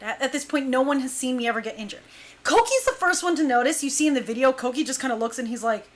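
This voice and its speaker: A young woman dancer telling a personal story in a casual, animated way, dropping to a hush when she acts out what people said. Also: high-pitched, fast talker. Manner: animated, acts out quotes in hushed voice.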